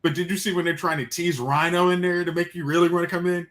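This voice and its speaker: A man co-hosting a casual movie chat, talking in halting runs full of fillers. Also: high voice, level tone, a bit bright. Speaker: podcast co-host.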